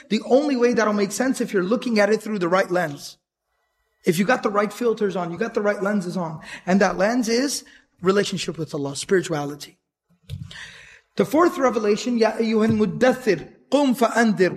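A man teaching an educational lecture series on the life of the Prophet, earnest and emphatic, repeating his key points and reciting Arabic verses quickly. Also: high voice. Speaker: Islamic teacher.

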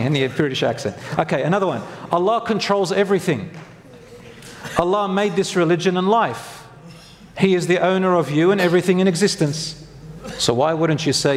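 A man's voice: a little high, moderate pace, long reverb tail, slight background noise. A man preaching a sermon who keeps asking his listeners questions and joking with them. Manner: asks the audience questions, jokes with them.

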